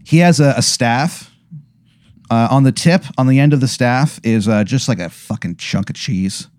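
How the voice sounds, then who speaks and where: A man's voice: medium pitch, normal speed, darkish tone, dry recording, studio quality. A young man telling a long comedic hypothetical, rambling and profane, with many fillers. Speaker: podcast co-host. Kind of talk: comedic storytelling.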